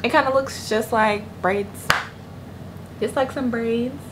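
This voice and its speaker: A woman's voice: a little high, slow. Young woman vlogger, chatty and slangy, casual to-camera talk from bed, noticeable room noise behind her. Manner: chatty, slangy, addresses viewers as "y'all". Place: at home in bed. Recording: noisy room ambience behind voice.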